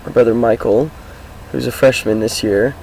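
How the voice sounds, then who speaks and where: A high school student from Washington State, US, introduces himself in a casual vlog while sitting on his car outdoors, sounding upbeat and rambling with lots of fillers. His teenage voice is hoarse, groggy, and gravelly, medium in pitch with fairly even intonation, a moderate pace, and a darkish tone. Slight background noise and poor audio quality are present.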